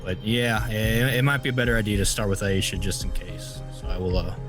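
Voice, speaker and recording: A man playing a tabletop role-playing game, talking quickly and urgently in character. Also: fairly low pitch, fairly even intonation, music in the background. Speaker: player.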